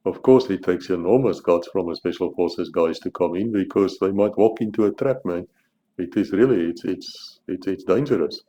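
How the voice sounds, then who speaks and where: The audio is dull with slight hiss or hum as a South African channel host, his voice low and mellow at a normal speed, gives a blunt opinion piece to camera. He keeps restarting and repeating words while making his argument.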